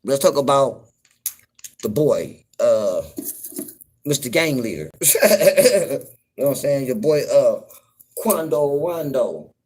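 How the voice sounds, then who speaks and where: A man from the US West Coast talking casually on a livestream, slow and laid-back, constantly saying "you know what I'm saying". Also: medium pitch, big pitch swings, darkish tone, slightly rough. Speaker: livestream host.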